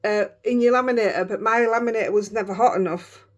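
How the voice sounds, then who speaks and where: A woman with a Yorkshire accent, a crafting vlogger chatting excitedly and rambling through a casual show-and-tell. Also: on the high side, fast talker, highs cut off. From Yorkshire, England.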